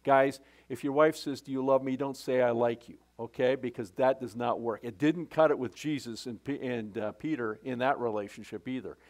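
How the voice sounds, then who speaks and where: A man's voice: medium pitch, moderate pace, hardly any pauses, a little mellow. A male pastor preaching a sermon in a church. He often stops and restarts, repeating words, and makes casual asides to the congregation. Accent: Canadian English. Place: church sanctuary.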